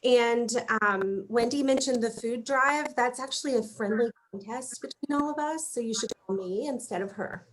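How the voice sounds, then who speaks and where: A woman's voice: a little high, moderate pace, few pauses. A woman with a Southern US accent, upbeat and promotional, introducing her psychiatric hospital on a video call with many ums. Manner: upbeat, promotional, filler-heavy.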